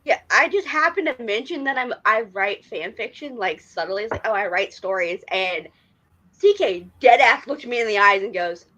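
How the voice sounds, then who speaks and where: Bright, animated woman telling a story. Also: fairly high pitch, normal speed, poor audio. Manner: animated storyteller, trails off and restarts. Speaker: podcast co-host. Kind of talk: casual chat.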